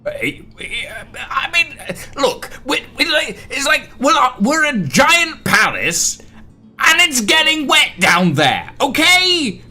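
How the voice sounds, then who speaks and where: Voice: sits high, big pitch swings, takes it slowly, pushed and bright, faint music behind, voice pushed up, full character voice. A game master voicing a flustered, stammering palace gate in a tabletop game. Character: panicky talking palace gate, defensive.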